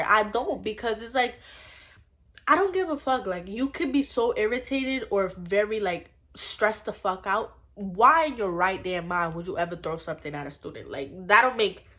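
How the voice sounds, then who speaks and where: A woman's voice: mid-range voice, lively intonation, normal speed, pushed and bright. Blunt, profane young woman telling a story. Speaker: storytime vlogger. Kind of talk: casual storytime.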